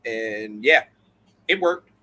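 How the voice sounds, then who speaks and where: A man co-hosting a casual wrestling podcast, talking in an animated, profane, storytelling way. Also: lowish voice, slow, poor audio. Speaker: podcast co-host.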